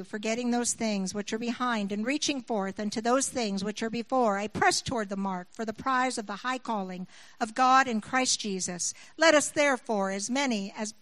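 A woman's voice: on the high side, fairly bright tone, dry recording, low-quality recording. A middle-aged woman preaching a sermon. She moves between scripture reading and personal stories, rising with emphasis when she appeals to her listeners.

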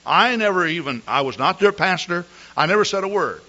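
A man preaching a Sunday morning sermon, telling stories and clearing his throat often. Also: high voice, lively intonation, fairly quick, pushed and bright. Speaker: pastor. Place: church service. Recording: dull lo-fi recording.

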